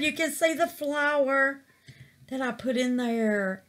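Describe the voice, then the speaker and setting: Speaking slowly in a high, slightly bright voice, a middle-aged woman chats through a resin craft project for her casual crafting vlog. She addresses her viewers as babies and calls out to the Lord along the way.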